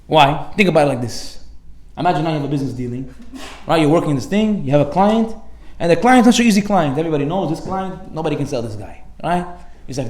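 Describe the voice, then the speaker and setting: A rabbi delivers a lively sermon at a brisk clip, his voice sitting a bit high for a man. He tosses in Hebrew words and street slang as he acts out everyday scenes. The hall around him rings with echo. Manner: energetic, animated, slips in Hebrew words and slang. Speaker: rabbi giving a Torah class. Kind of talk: lively sermon with acted anecdotes. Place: synagogue hall.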